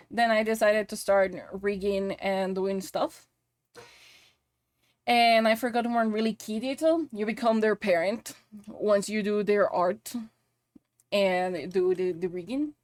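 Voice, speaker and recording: A woman's voice: mid-range voice, dry recording, studio quality. A woman with a Spanish accent chatting casually on a live stream while she works, giggly and swearing playfully. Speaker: VTuber streamer and model rigger.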